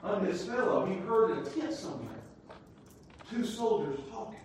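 A man preaching a sermon, reading scripture aloud and retelling it in everyday words, swinging between loud, lively bursts and hushed asides. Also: high voice, normal speed. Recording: very echoey room, mic far off, faint noise.

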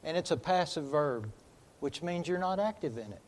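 A man preaching a sermon, emphatic, swinging from loud declarations to hushed lines and slowing on key words. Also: fairly high pitch, expressive.

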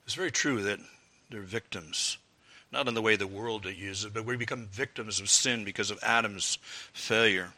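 A man preaching a sermon earnestly, rising to fervent appeals and dropping low for quoted prayers. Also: normal speed, pushed and bright.

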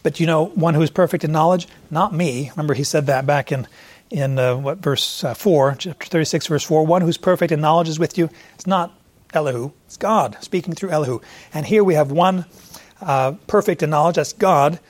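A man's voice: fairly high pitch, moderate pace. A man with a slightly raised voice preaching verse by verse. He talks it through conversationally, searching aloud for verse numbers with fillers and now and then turning to ask a listener questions directly. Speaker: pastor. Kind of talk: expository sermon.

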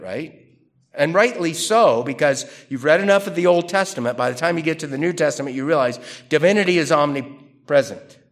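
A man giving a conversational theology lecture, reading quotations aloud and questioning them. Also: medium pitch. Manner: animated, conversational, reads quotes aloud. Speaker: theology teacher. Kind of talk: classroom lecture.

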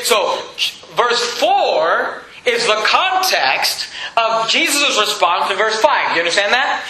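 A man's voice: sits high, bright, forceful tone, roomy sound, low-quality recording. A man preaching a sermon, repeating his points and questioning the congregation emphatically. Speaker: pastor.

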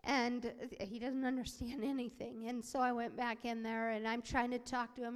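A woman voicing a sermon as interpreter, telling a story with animated acted-out voices. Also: on the high side, normal speed, few pauses. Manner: animated, acts out quoted voices. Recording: long hall reverb.

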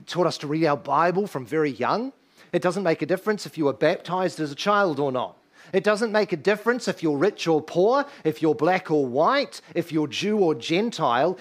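Emphatic preacher man, higher voice. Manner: emphatic, asks the congregation rhetorical questions. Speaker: pastor. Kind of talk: sermon. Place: church.

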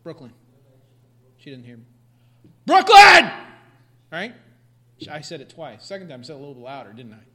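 A man preaching a sermon, animated, swinging from quiet asides to sudden loud outbursts. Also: medium pitch, rapid-fire, slight background noise. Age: adult parent.

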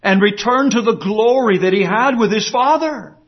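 Male preacher, high-pitched and animated, emphatic delivery, muffled recording. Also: normal speed. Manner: emphatic, dramatic quoting with wide swings of pitch. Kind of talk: sermon. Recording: dull lo-fi recording.

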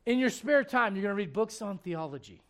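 A man in his forties, a pastor preaching a sermon in a church with joking, animated storytelling. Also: sits high, brisk. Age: 40s.

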